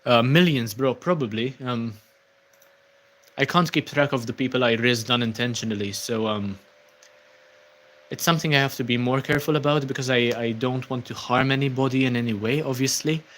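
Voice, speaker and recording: A young Maltese man hosts a laid-back livestream, reading viewer comments aloud and thanking people, with plenty of ums and uhs. He speaks at a medium pitch and normal speed.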